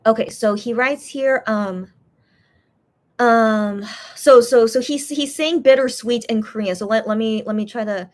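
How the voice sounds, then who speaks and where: A young woman chatting casually on a live stream, reading viewer comments and translating messages with frequent pauses and restarts. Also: a little high, a little mellow. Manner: hesitant, many restarts while translating.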